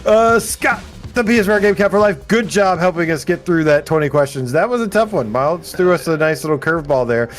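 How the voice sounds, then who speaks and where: High, lively playful man co-hosting. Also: a little fast, hardly any pauses, soft background music. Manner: playful and excitable, reeling off viewer names. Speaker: co-host reading out chat shout-outs. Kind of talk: casual live podcast chat.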